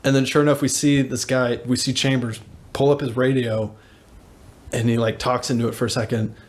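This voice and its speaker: A man's voice: mid-range voice, flat delivery, brisk. A young man co-hosting a podcast, telling a rambling story in casual chat and laughing as he goes. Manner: rambling, laughing, acts out voices in anecdotes. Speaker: podcast co-host.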